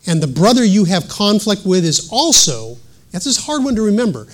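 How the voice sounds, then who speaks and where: A man's voice: high-pitched, very animated, moderate pace. A middle-aged man preaching a sermon in an earnest teaching manner, reading scripture aloud and adding self-deprecating asides.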